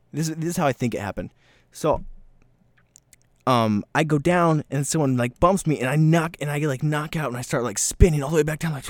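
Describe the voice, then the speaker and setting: Male solo podcaster, scattered and self-mocking, very lively pitch, dry booth sound. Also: no echo. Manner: scattered, self-mocking, slips into quick voiced bits. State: slightly breathless from talking fast. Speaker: podcast host. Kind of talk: rambling solo podcast chat.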